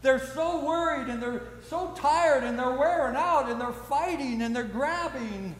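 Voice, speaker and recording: An older man delivers a sermon in a high, light voice. He preaches in a folksy way and leans on rhetorical questions. His voice rings out with the long reverb of a church hall. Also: a little slow, few pauses, slight background noise. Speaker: pastor.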